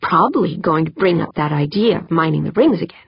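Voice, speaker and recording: A woman's voice: low voice, lively intonation, fairly quick, gravelly, husky, dry recording, exaggerated voice. A woman voicing an angry, foul-mouthed woman official, talking in a snappish, grumbling way. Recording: dull lo-fi dry.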